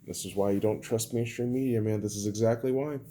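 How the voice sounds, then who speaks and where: A young man hosting a podcast, delivering an angry, profane political rant that swings between shouting and low muttering. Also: steady tone, fairly quick, slight background noise. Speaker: podcast host.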